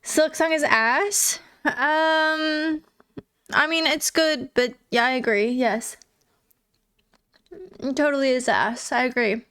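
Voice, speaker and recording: Giggly high-voiced woman streamer. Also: steady tone, slow, long pauses, a bit bright. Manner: giggly, chatty, reads chat aloud. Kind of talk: casual live-stream chat.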